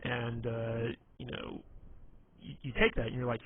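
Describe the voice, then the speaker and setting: This man's mid-range voice moves at a moderate pace with fairly even intonation as he offers casual, rambling dating tips packed with fillers and false starts. It sounds like a phone recording: tinny, with a little background noise.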